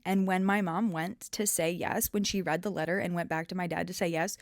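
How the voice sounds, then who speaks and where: A woman in her twenties telling a family story to camera in an animated, gossipy way with playful swearing. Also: lowish voice, brisk, few pauses, no room sound, studio quality. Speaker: vlogger.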